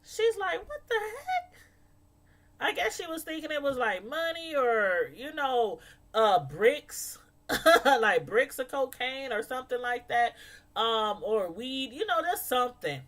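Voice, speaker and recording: A woman with a somewhat high voice talks through a TV episode in a relaxed, chatty recap. She gets animated and acts out what the characters said. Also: unhurried. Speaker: TV show recap host.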